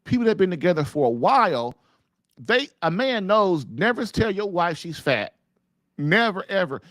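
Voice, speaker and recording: A man hosting a marriage podcast, telling stories in an animated way and laughing often. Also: high voice, moderate pace, no room sound, studio quality. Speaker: podcast host and marriage coach. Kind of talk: casual call-in podcast talk.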